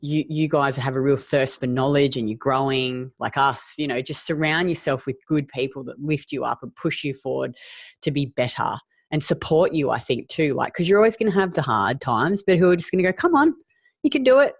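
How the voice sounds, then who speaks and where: A woman's voice: a bass voice, moderate pace, slightly rough, dry recording. A woman hosting a casual health-coaching conversation, chatty and peppered with "like" and "you know". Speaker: health coach and podcast host.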